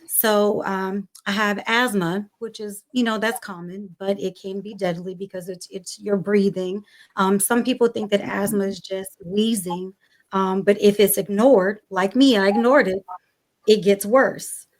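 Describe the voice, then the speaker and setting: Young adult woman, panel guest, animated storyteller, voices the people she quotes. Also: mid-range voice, unhurried. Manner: animated storyteller, acts out dialogue. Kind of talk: personal story on a talk show panel.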